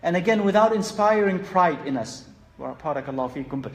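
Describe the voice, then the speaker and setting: A man's voice: fairly high pitch, animated, brisk. A man giving an earnest religious lesson, asking rhetorical questions and mixing Arabic phrases into his English. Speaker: Islamic teacher.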